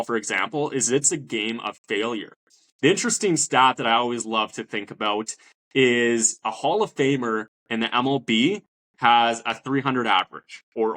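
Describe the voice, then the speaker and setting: Man, podcast host, motivational coaching talk, mid-pitched. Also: a bit bright. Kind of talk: interview talk.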